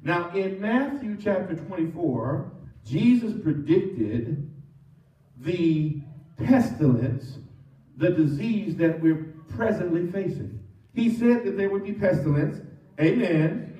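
In a church sanctuary, a pastor preaches a call-and-response sermon, leading his congregation to repeat phrases back to him. His high, mellow voice has lively intonation and a slow pace. The recording is muffled and echoey, with the mic some distance away.

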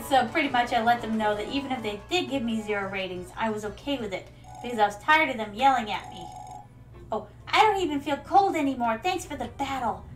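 A high-pitched woman streamer gives casual gameplay commentary in a playful, theatrical way, doting on her viewers. Soft music plays faintly behind her voice. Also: animated, brisk. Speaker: VTuber streamer.

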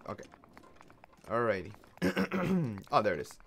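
A man's voice: medium pitch, very animated, a little slow, vocal fry, a bit bright, slightly rough. Rambling, jokey male game streamer. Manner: rambling, jokey, laughs often. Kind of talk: casual gameplay commentary.

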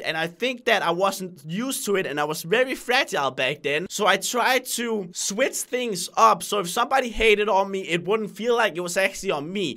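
A man's voice: sits high, sharp tone. Young guy talking to camera, nervous and earnest, voice jumps all over. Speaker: YouTuber. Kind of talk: casual talk to camera.

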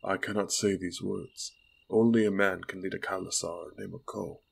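A man reading the part of a humble young male warrior in an audiobook, refusing quietly and downcast. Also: deep voice, steady tone, moderate pace, vocal fry, slightly rough, exaggerated voice.

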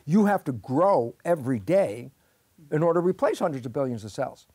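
Older man, fairly high voice, dry close sound, lively storytelling explainer, interview guest. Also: brisk, husky, no room sound. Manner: lively storytelling, acting out his own questions and answers. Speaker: guest expert.

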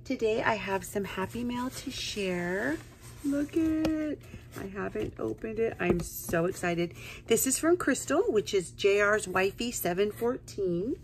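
A woman's voice: medium pitch, lively intonation, unhurried. A woman hosting a craft unboxing vlog, gushing and gasping over each item, sometimes dropping to a whisper. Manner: gushing, gasping, repeated exclamations; drops to a whisper at times. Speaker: craft channel host. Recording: noisy room with paper crinkling.

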